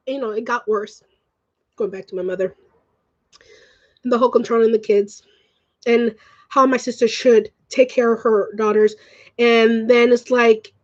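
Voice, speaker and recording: A woman vlogger ranting in casual chat, rambling and swearing, swinging quickly between feelings. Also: high-pitched, dull audio. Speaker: live-streaming vlogger.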